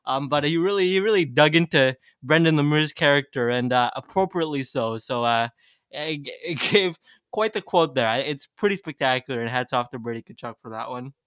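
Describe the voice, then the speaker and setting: A man's voice: mid-range voice, expressive, a little fast, fairly bright tone, no echo, studio quality. A man co-hosting a casual podcast, blunt and profane, laughing often. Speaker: podcast co-host.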